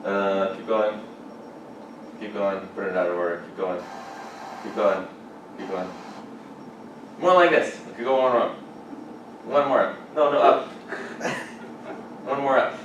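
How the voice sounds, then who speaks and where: Animated man preaching in an echoey chapel. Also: on the low side, measured pace, long pauses, lo-fi sound. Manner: animated, rising to excited exclamations. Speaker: chapel speaker. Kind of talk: lively chapel sermon. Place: large echoing chapel. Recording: echoey hall from far off, background noise.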